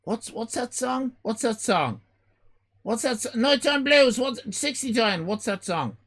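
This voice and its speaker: An Irish man in his fifties hosting a live stream, loud and exclaiming, swearing and joking as he reacts to chat. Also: very high voice, lively intonation, measured pace. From Ireland. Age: 50s. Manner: loud, exclaiming, swears and jokes, rambling restarts.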